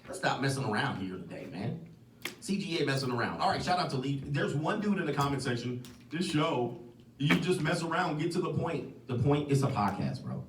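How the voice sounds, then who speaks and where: A man's voice: medium pitch, expressive, fairly quick. A man hosting a casual livestream podcast, joking and rambling with frequent laughs. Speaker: podcast host. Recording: echoey, distant mic, loud noise.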